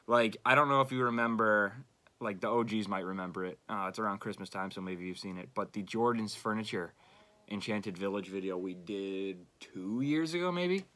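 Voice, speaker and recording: A man's voice: lowish voice, pushed and bright. A young man, rambling casually and frustratedly about his own videos, full of fillers and swearing. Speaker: YouTuber. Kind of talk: unscripted rambling monologue.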